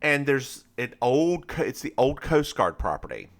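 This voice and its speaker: A man's voice: medium pitch, big pitch swings, a little slow. A man co-hosting a podcast, recapping a TV episode in casual chat and laughing often. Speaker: podcast co-host.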